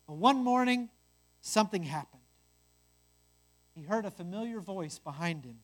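Earnest measured parable storyteller. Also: medium pitch, animated.

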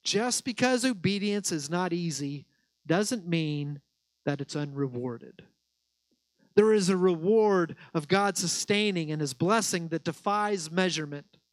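A man delivers a sermon in a high, earnest voice, leaning into key words by slowing down. The sound is dry and close, with no room echo. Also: expressive. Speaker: pastor.

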